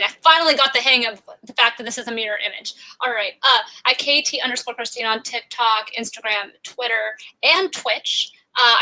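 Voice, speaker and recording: A woman guest chats casually on a podcast in an upbeat way. Her voice is high and very bright. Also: low-quality recording. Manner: upbeat, plugging her channels. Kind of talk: casual chat.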